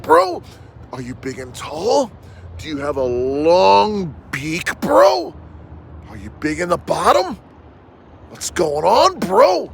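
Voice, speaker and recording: A man delivering a loud, profane roast message, shouting insults and saying "bro" after almost every line. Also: high voice, gravelly, a little hiss or hum. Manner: loud, brash, profane, says "bro" constantly. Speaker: roast comedian.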